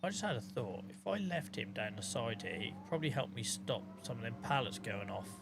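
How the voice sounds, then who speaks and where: A man's voice: mid-range voice, big pitch swings, a little fast, vocal fry, over music. A man live-streaming a farming game, chatting casually, swearing, and thanking viewers by name.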